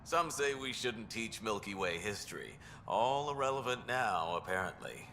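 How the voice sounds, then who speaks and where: A man's voice: lowish voice, big pitch swings, normal speed, sharp tone, slight background noise, full character voice. An actor voicing a dry, sardonic male colony teacher in a video game. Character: wry male colony schoolteacher. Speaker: game character. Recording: game audio with reverb and music.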